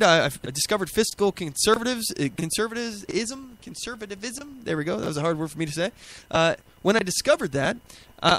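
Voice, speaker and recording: A man's voice: high-pitched, a bit bright. A young man hosting a political talk radio show, ranting emphatically in a plainspoken way with fillers.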